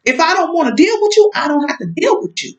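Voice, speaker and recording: A woman's voice: very high-pitched, big pitch swings, fast talker, lo-fi sound. A woman telling a personal story in a casual vlog, outspoken and emphatic, talking straight at an absent ex-partner.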